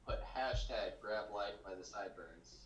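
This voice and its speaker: Relaxed guy with a lowish voice, off-mic in a roomy space with faint hiss. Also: normal speed, recorded from a distance, lo-fi sound. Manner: relaxed, swears casually. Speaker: podcast guest. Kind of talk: casual chat. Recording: echoey room, set back from mic, faint noise.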